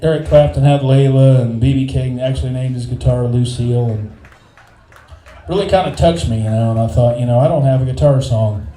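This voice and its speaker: A man doing stand-up, telling a rambling story and landing deadpan punchlines. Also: mid-range voice, brisk. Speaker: stand-up comedian and singer-songwriter. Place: small bar stage with a live audience. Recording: roomy bar sound with guitar playing. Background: acoustic guitar.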